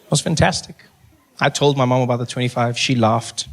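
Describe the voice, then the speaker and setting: A young man with a South African accent performing a stand-up comedy routine, telling stories and acting out bits with animated voices. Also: mid-range voice, fairly quick. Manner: animated storytelling with acted-out voices. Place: live comedy venue with audience.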